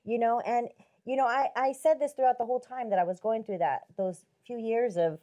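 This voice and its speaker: A woman's voice: on the high side, fairly quick, dark tone. A woman in casual chat, candid and self-mocking, talking easily.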